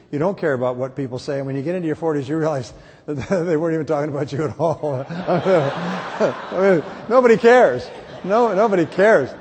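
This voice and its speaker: Heard from a distance in a reverberant, large conference hall, a middle-aged man gives a motivational speech. His voice is high-ish, darkish and slightly rough, and he delivers emphatic, repetitive points along with humorous anecdotes.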